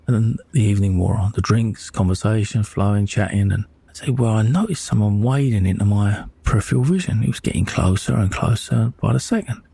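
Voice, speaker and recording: A man's voice: on the low side, expressive, fairly quick, vocal fry, few pauses, warm tone, slightly rough. A man narrating his own experiences in a candid, rambling way, swearing casually.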